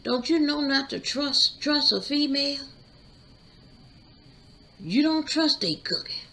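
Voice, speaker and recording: Woman putting on a menacing father, slow and gravelly. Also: extremely high pitch, lively intonation, bright, forceful tone, pitched above the performer's own voice, heavily acted. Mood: scornful. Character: menacing middle-aged father, hostile and controlling.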